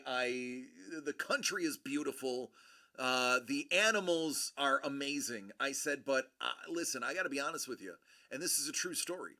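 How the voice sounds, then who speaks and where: A man's voice: medium pitch, creaky, sharp tone. A middle-aged man hosting a casual collectibles show, rambling and joking as he tells stories with many restarts. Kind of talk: casual chat.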